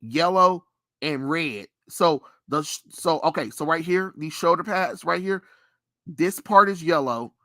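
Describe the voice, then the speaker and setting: A man hosting a casual pop culture chat, ranting with animated energy and plenty of swearing. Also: fairly high pitch, unhurried, no echo, clean studio sound. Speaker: podcast host.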